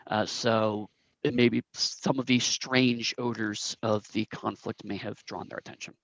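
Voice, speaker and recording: A man's voice: on the low side, steady tone, a little slow, creaky, fairly bright tone, no room sound, lo-fi sound. A man narrating a tabletop game as game master, rambling with many fillers and restarts.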